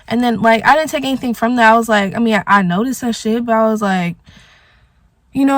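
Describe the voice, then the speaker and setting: This young woman's storytime vlog, recorded while smoking, is emotional and meandering, heavy with the filler "like." Her voice is mid-range and fairly bright, captured in studio quality with no room sound.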